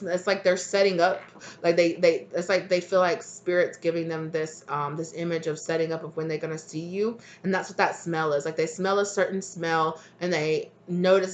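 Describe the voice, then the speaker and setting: A woman giving a casual tarot reading to her viewers, rambling with many fillers. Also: fairly low pitch. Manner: rambling, filler-heavy, with frequent "like". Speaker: tarot reader. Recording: dull lo-fi recording.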